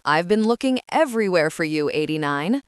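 A woman voicing a brash, violent young male mafia heir in a book summary, her tone taunting and gloating, with a low voice. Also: animated, a little fast, smooth, no room sound, clean studio sound, natural voice.

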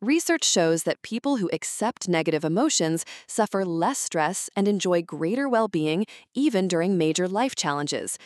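A woman reading a scripted book summary in a steady, even-paced narrating voice. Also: fairly low pitch, moderate pace, few pauses, no room sound, studio quality.

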